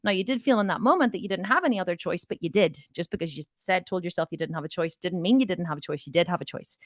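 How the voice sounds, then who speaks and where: A woman's voice: fairly low pitch, quick pace, no echo, studio quality. A woman coaching on mindset in a casual, frank way, telling stories and acting out both sides of conversations.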